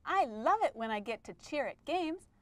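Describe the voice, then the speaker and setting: A woman's voice: sits high, expressive, normal speed, no room sound. A woman voicing a bubbly, eager exclamation-mark character in a children's educational puppet skit, talking cheerfully. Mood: excited. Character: bubbly excited exclamation-mark pal, a girl.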